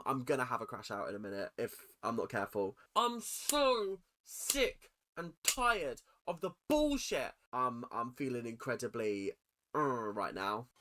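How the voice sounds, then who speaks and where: A woman's voice: very deep voice, background noise. A woman hosting a livestream, chatting casually and bluntly, swearing freely. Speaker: livestream host. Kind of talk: casual live commentary.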